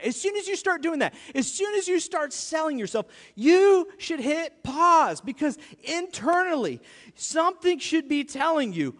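A male pastor preaching with a high, lively voice that swoops up and down, conversational and playful. His words ring out with a long reverb, as if he stands in a large church hall. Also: unhurried. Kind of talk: sermon.

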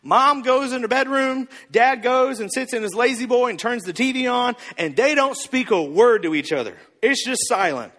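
A man preaches with a very high, bright, forceful voice that rises and falls in wide swings as he acts out the people he quotes in comic voices. The sound rings through a large hall with a long reverb behind it. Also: expressive, normal speed, hardly any pauses. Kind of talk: sermon.

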